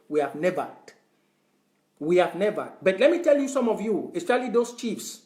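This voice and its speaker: A man delivers a fervent, repetitive address, hammering his points like a lecture. His voice sits high for a man. The room around him rings with a roomy echo. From Southern Cameroons. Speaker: online activist. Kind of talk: impassioned address to followers.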